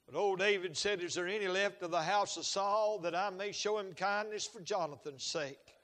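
A high, bright-voiced man preaches in a folksy storytelling manner that swells into shouted fervor. His voice rings out with a long hall reverb behind it. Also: moderate pace. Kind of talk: sermon.

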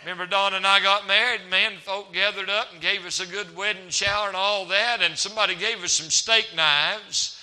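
A man's voice: sits high, fairly even intonation, normal speed, pushed and bright. A man preaching a folksy, humorous sermon as a traveling evangelist in a church. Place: church hall. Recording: reverberant church hall.

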